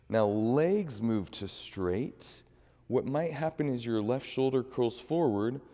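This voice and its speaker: A man leading a guided yoga class, calmly cueing each breath and movement. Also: medium pitch, in a large hall. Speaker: yoga instructor.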